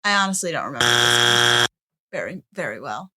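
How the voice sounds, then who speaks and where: A woman's voice: rumbling low, animated, fairly quick, very noisy. A young woman from Canada, a guest on her father's podcast, chatting bluntly and giggling often. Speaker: podcast guest, host's daughter. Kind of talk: casual podcast chat.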